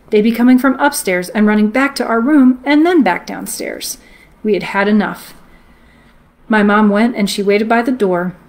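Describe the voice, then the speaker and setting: A woman reads a ghost story aloud to her live-stream viewers. Her delivery is steady and measured, the plain voice of a host sharing a book passage. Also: mid-range voice.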